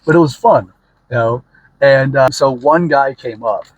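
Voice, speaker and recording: A man's voice: medium pitch, unhurried, husky, no echo, rough recording. A man hosting a podcast, telling a story casually, rambling and correcting himself with many fillers. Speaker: podcast host.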